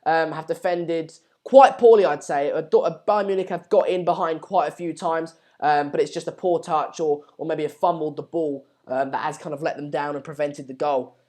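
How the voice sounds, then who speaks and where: A man's voice: a little high, fairly even intonation, moderate pace, few pauses, a little mellow. A young man hosting a casual live stream, reading out viewer comments in a hesitant, rambling way with many fillers.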